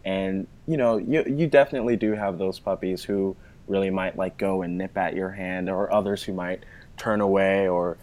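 A man's voice: deep voice, steady tone, normal speed, a little mellow. A man talking at length as an interview guest, with a casual, explanatory manner full of "you know" fillers.

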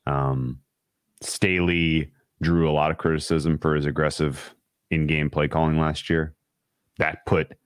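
Very deep-voiced man breaking down football. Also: no echo, clean studio sound. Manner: analytical and opinionated, with many restarts. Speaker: sports podcast host. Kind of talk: casual sports analysis chat.

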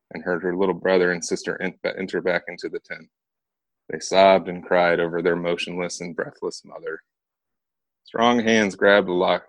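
A man's voice: sits low, no room sound. A man reading a fantasy novel excerpt aloud in an earnest, dramatic narrating style.

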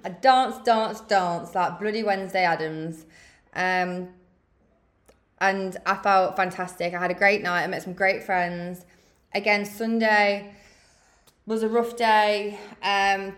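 A thirty-year-old English woman hosts a podcast, giving a frank, motivational pep talk like a big sister and swearing freely. Her voice is medium-pitched and the room is echoey.

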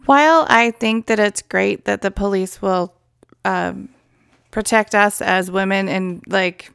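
Woman, casual co-talker, gravelly but smooth voice, dry close sound. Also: mid-range voice, a bit bright, dry recording. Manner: chatty, quick to agree and add her own view. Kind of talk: casual chat.

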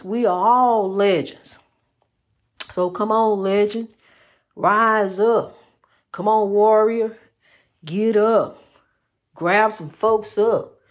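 Woman preaching love and faith. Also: medium pitch. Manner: preachy, repeats phrases, calls listener honey. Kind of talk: impassioned faith-based pep talk.

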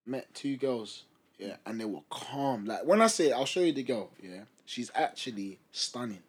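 Animated, husky-voiced man telling stories. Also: mid-range voice, moderate pace. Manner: animated storyteller, acts out quoted voices. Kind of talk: casual group chat.

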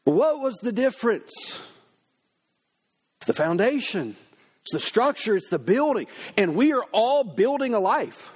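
A male pastor giving a sermon in a lively, conversational storytelling manner. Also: sits high, measured pace, slightly rough.

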